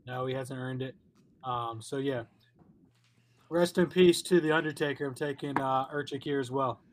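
A man's voice: medium pitch, fairly even intonation, normal speed, slight background noise. A man co-hosting a fight-picks show, talking in a blunt, crude, offhand way. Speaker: regular co-host. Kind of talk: casual betting chat.

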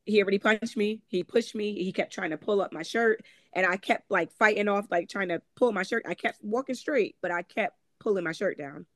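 A woman's voice: medium pitch, fairly quick, few pauses, fairly bright tone, no echo, studio quality. A woman from Connecticut with a Connecticut accent, telling her personal story candidly as a guest in an interview, with frequent "um" and "like" as she acts out what others said. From Connecticut, USA. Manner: candid, conversational, frequent "um" and "like", acts out quoted voices. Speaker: guest author.

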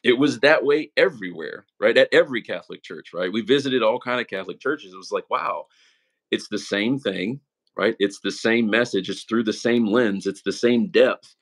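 Low-voiced earnest young man. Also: moderate pace. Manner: earnest and emotional, peppers speech with "man" and "right?". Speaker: interview guest. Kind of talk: casual conversational testimony.

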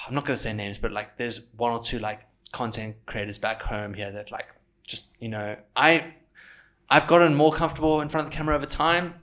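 A young man in casual podcast chat, a filmmaker and content creator who swears freely and acts out quotes in high, mocking voices. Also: fairly quick, a bit bright.

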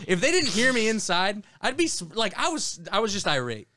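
A young man co-hosting a podcast, telling a story in animated, profane casual chat. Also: sits high, fairly quick, dry recording, studio quality. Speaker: podcast co-host.

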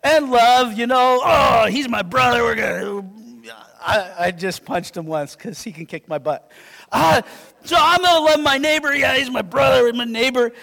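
A man from Yakima preaching a sermon as pastor, animated and conversational, checking in with his listeners. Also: very high-pitched, normal speed, vocal fry. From Yakima, Washington. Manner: animated, conversational, keeps asking "right?". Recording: long reverb in a hall.

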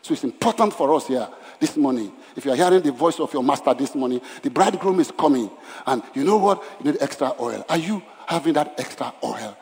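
A man preaching a sermon as pastor, emphatic, swinging between loud declarations and hushed lines. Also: medium pitch, expressive, brisk. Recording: long hall reverb.

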